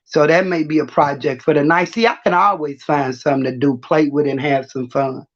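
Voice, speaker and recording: A woman's voice: sits low, fairly even intonation, brisk. A middle-aged woman, hosting her own livestream in a brash, trash-talking style and laughing often. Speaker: livestream host. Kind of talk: casual livestream talk. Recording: muffled lo-fi audio.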